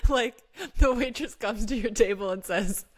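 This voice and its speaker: A woman's voice: mid-range voice, normal speed. Giggly woman co-hosting a podcast. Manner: giggly, laughs often. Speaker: podcast co-host. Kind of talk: casual chat.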